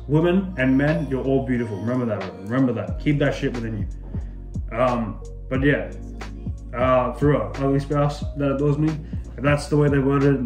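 A man's voice: mid-range voice, reverberant. A young man from Australia who chats casually and swears a lot while he answers would-you-rather questions in a vlog. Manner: casual and chatty, swears often, says "bro" a lot. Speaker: YouTuber.

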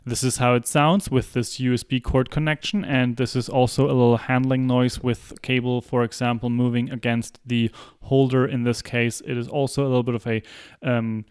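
A man with a smooth, resonant voice walks through a microphone test one step at a time. He explains each setup plainly as he holds the mic or moves closer and further away. It is recorded indoors on the microphones under test. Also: mid-range voice, darkish tone, no echo. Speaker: video creator testing microphones. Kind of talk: explanatory gear demonstration. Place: indoor room. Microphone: handheld and desk microphones at changing distances.

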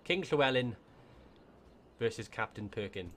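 A man's voice: mid-range voice, expressive, unhurried, a bit bright. A man with a Welsh accent giving casual gameplay commentary, thinking aloud as he plays. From Wales. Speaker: gaming YouTuber.

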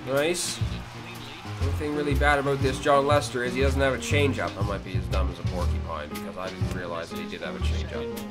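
In his own gaming video, a man talks a little fast as he commentates live, game music behind him. His excitable, cursing outbursts shift from low mutters into sudden yelps.

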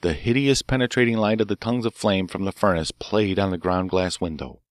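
Man reading an old detective story, low steady voice, dry close mic. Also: fairly quick, no echo. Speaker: audiobook narrator. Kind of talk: scripted narration.

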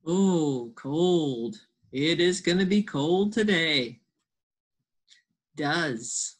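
Teaching phonics and spelling from a distance, a woman slowly sounds out letters and words and offers encouragement to students who aren't present. She speaks in a low, expressive voice with a breathy edge.

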